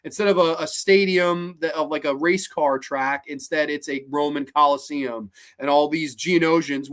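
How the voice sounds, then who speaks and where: Brief: podcast host, swearing constantly, animated ranting film review. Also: medium pitch.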